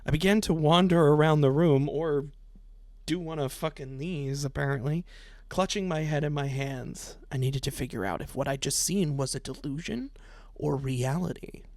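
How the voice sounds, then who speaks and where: A man's voice: on the high side, normal speed, a little mellow, no echo. A man streaming a visual novel, reading its text aloud and breaking off into sarcastic, profane commentary with frequent laughs. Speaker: let's play streamer.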